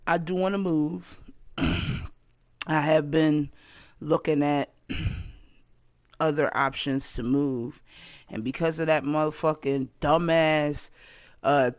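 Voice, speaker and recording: A woman in her late thirties in a casual to-camera vlog rant, blunt and profane, with sudden loud outbursts. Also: deep voice, no echo, studio quality. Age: 30s. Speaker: vlogger.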